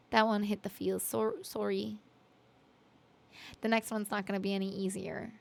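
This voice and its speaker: A woman from Canada chatting with her live stream viewers, giggly and chatty with lots of ums and quick thank-yous. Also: mid-range voice, flat delivery, vocal fry. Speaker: streamer and musician.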